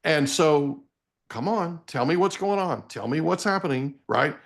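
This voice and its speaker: A man in his forties, guest on a live interview, offers motivational parenting advice in a fairly high, lively voice, unhurried. His delivery is emphatic and preachy, and he keeps checking in with listeners by asking "okay?"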